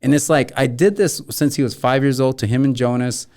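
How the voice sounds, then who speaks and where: Animated middle-aged male storyteller. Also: mid-range voice, fairly quick. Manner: animated storyteller, acts out quoted dialogue. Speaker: guest. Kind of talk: casual conversation.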